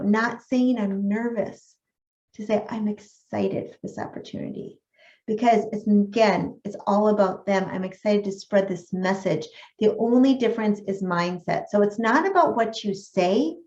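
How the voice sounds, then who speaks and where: A woman's voice: fairly high pitch, darkish tone. A woman coach teaching a live webinar, upbeat and encouraging, asking her audience questions over a video call. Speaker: health coach trainer. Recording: echoey room, dull lo-fi sound.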